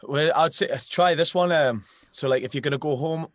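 A man's voice: fairly high pitch, a little fast, dry recording. Laid-back Geordie man, dry close mic. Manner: relaxed, laughs easily, short answers. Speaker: musician guest. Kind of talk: casual chat interview.

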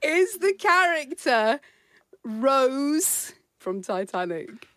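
An excitable, giggly woman on breakfast radio, speaking slowly and drawing out each word as her pitch rises and falls. She works through a guessing game with the presenters.

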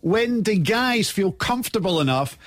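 A male radio host bantering excitably with his co-host and laughing loudly. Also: high-pitched, normal speed, no room sound.

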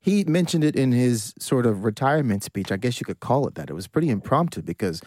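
A man's voice: medium pitch, animated, fast, darkish tone, no room sound, studio quality. A man from Virginia with an American accent, co-hosting a casual sports chat and often stumbling over his words. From Virginia, USA. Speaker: podcast co-host.

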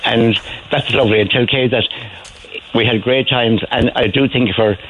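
An older man with a Cork accent, calling in to a radio show and telling stories in a rambling, animated way with many restarts. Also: medium pitch, moderate pace, muffled recording. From Ireland. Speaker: caller. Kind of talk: phone-in chat.

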